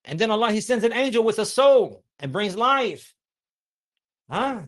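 A man with a high voice preaches to young listeners. He keeps asking them questions. He recites Arabic verses and explains each one in plain words. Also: sing-song, unhurried. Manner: asks the audience many questions. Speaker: Islamic preacher.

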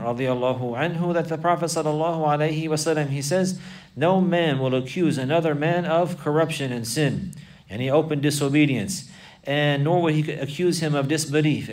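A man's voice: fairly high pitch, a little fast, distant mic. A man teaching a religious class, repeating phrases and quoting Arabic texts, then explaining them. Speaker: Islamic teacher. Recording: voice from away from the mic.

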